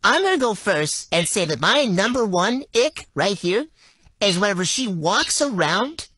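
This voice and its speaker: A man's voice: high voice, big pitch swings, measured pace, bright, forceful tone, husky, dry recording. A man in casual couple banter, complaining playfully and quoting his partner. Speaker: half of a couple, content creator.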